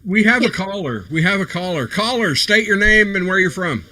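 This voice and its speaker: A man's voice: high-pitched, expressive, normal speed, sharp tone, no room sound, low-quality recording. A man hosting a casual podcast, rambling and easygoing with lots of fillers. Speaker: host.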